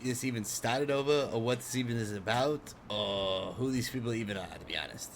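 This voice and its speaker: A man's voice: medium pitch, fairly quick, slight background noise. A man talking in character in a roleplay game, friendly and easygoing, often a little confused. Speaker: roleplay character, business owner.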